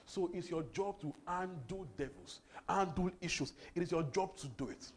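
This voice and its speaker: A man preaching a sermon, emphatic, repeating words and swinging between loud and soft. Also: high-pitched, moderate pace. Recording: faint background noise.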